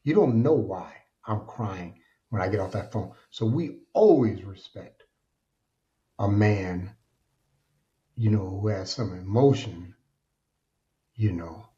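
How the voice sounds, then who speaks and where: A middle-aged man who is a podcast guest, telling his personal story in an earnest, colloquial and animated way. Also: fairly low pitch, slow, pauses often. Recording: dull lo-fi sound.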